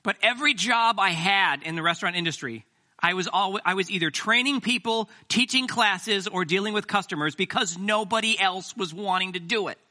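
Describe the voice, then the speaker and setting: A man's voice: high-pitched, a little fast, sharp tone. A man preaching a sermon as pastor, talking conversationally with self-deprecating jokes.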